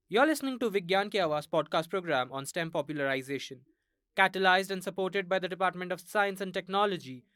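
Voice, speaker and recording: Indian english guy reading the show intro, formal, kinda high voice, smooth. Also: sharp tone, dry recording. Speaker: podcast announcer. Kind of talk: scripted announcement and narration.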